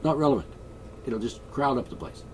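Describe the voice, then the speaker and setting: A man's voice: medium pitch, fairly quick, distant mic, a little hiss or hum. A man vlogging a rambling comic monologue, joking in a mock-royal tone.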